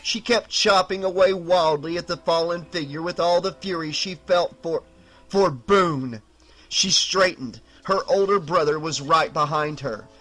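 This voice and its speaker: A man narrating a horror novel as an audiobook in a measured, dramatic reading. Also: on the high side, fairly bright tone, soft background music, poor audio.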